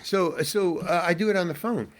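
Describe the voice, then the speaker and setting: A man's voice: sits high, normal speed. An older man, a guest actor, telling stories in a casual interview, rambling with restarts and exasperated asides.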